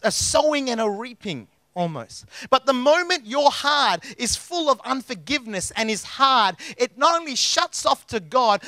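A man's voice: very high-pitched, bright, forceful tone, dry recording. Man, middle-aged pastor, sermon, emphatic and chatty, dry sound. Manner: emphatic, conversational preaching with repeated phrases.

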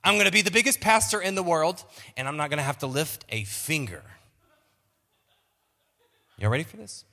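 A man's voice: a little high, normal speed, gravelly, long pauses, bright, forceful tone. A male pastor preaching a sermon in a playful, self-mocking way, often repeating words. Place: large church auditorium. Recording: long reverb of a church hall.

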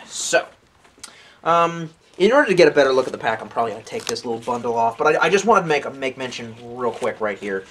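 A man's voice: mid-range voice, very animated, fast talker, a bit bright, a little hiss or hum. Rambling, joking man in his late twenties. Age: late 20s. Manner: joking, rambling, swears casually. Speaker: gear reviewer. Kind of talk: casual gear review vlog.

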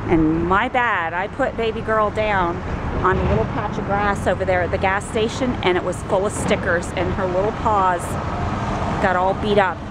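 A woman vlogging casually from a car on a road trip, chatting warmly and using baby talk with a puppy. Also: medium pitch, fairly even intonation, moderate pace, recorded from a distance. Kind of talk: casual vlog chat. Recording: loud road noise, voice off-mic.

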